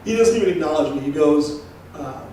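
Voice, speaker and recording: A young man performing a stand-up comedy routine, telling a story in an animated way and acting out the people in it. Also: on the high side, fairly quick, a little hiss or hum. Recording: roomy live venue, mic from a distance.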